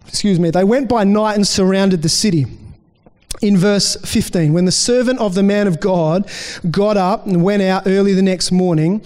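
A man's voice: sits high, darkish tone. A man preaching a sermon as pastor in a casual, conversational way, often restarting and briefly voicing the people in his story. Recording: long reverb in a hall.

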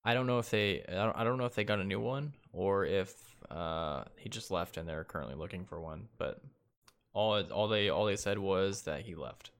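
A man's voice: deep voice, normal speed. A man co-hosting an esports podcast, talking in a laid-back way with lots of ums and easy laughs. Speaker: podcast co-host. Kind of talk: casual esports podcast chat.

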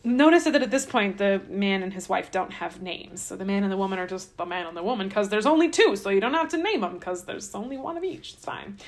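A woman's voice: mid-range voice, expressive, a little fast, hardly any pauses. A woman hosting a podcast, retelling scripture in a chatty, irreverent way with wry asides. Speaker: podcast host. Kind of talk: casual comic scripture retelling.

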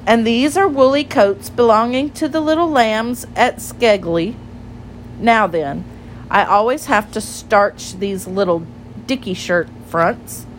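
A bustling little hedgehog washerwoman from a storybook, polite and chatty as she fusses over the laundry, voiced by a woman reading aloud. Her voice sits high and swoops lively up and down. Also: slight background noise.

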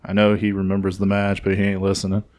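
Man, casual wrestling chat, laid-back, low voice, dry sound. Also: completely flat delivery, quick pace, darkish tone, no echo. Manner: laid-back, recaps news with fillers.

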